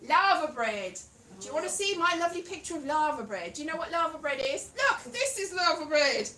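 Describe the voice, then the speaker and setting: A Welsh woman doing live stand-up comedy in a pub venue, animated and breaking into shouted Welsh words. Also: high-pitched, fast, background noise. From Wales. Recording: roomy live room from a distance.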